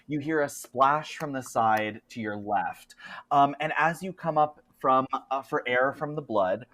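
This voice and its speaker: A man's voice: medium pitch, fairly bright tone. Chatty male game master narrating horror. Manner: chatty, frequent fillers.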